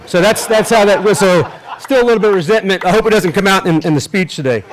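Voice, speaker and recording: A middle-aged man addresses a crowd outdoors on a field. He has a fairly high voice and a folksy, self-deprecating delivery. He stops and restarts often as he speaks. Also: fast. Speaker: general officer speaking at a ceremony. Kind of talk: ceremonial speech with humor.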